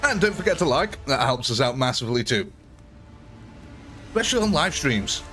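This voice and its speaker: A man's voice: medium pitch, big pitch swings, moderate pace, pushed and bright, soft background music. A young man chatting through a live gameplay stream, thanking viewers and talking through his choices.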